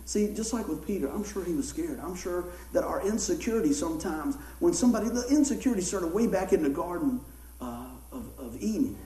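A man preaching a sermon, folksy and animated, telling stories and acting out voices. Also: sits high, fairly quick, reverberant, rough recording. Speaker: pastor. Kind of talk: sermon with storytelling.

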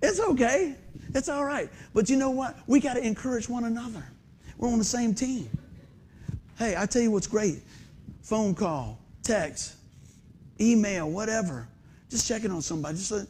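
Under stage lights in a church sanctuary, a pastor in his fifties with a high voice preaches at normal speed, a little hiss or hum in the recording. His sermon is conversational and animated, full of questions for the congregation and self-deprecating humor.

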